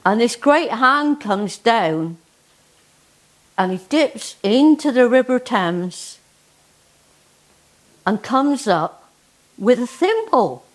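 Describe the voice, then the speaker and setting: A woman storyteller with a Cornish accent spins a comic dialect tale. She talks slowly and deliberately in a folksy way. Her voice sits fairly high.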